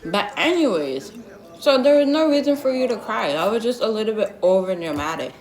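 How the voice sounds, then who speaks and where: A woman's voice: medium pitch, lively intonation, brisk, darkish tone. A young woman telling a storytime vlog in a blunt, sassy, slangy way, full of asides. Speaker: vlogger. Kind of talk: storytime vlog, casual gossip. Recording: roomy echo.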